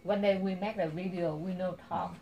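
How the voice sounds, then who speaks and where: Lowish-voiced woman with a Vietnamese accent. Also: fairly even intonation, normal speed, dull audio, a little hiss or hum. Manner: switches between broken English and Vietnamese, playful teasing. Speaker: vlogger. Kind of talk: casual mealtime chat.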